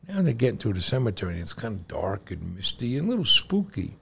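A middle-aged father co-hosting a casual show, an animated storyteller who laughs often. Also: lowish voice, fast talker, creaky, background noise. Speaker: podcast co-host and father. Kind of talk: casual chat and joke telling.

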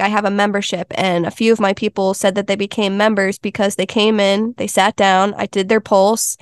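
A woman's voice: mid-range voice, smooth, dry recording, studio quality. A woman being interviewed as a healing counselor, telling stories in an earnest, chatty way. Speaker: Ayurveda health counselor and intuitive healer, interview guest. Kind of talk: casual interview chat.

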